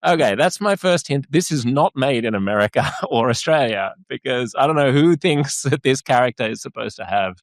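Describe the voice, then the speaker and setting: A man's voice: medium pitch, lively intonation, normal speed, few pauses, dry recording. A man hosting a podcast interview, chatty and jokey, often laughing as he talks. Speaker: podcast host. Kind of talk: casual interview chat.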